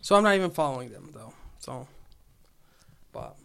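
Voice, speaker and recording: A man's voice: medium pitch, sing-song, moderate pace, vocal fry, fairly bright tone, clean tone. A young man with a Chicago accent, hosting a casual podcast chat, rambling and swearing, with "like" in every sentence. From Illinois. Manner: rambling, swears a lot, lots of "like". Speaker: podcast host.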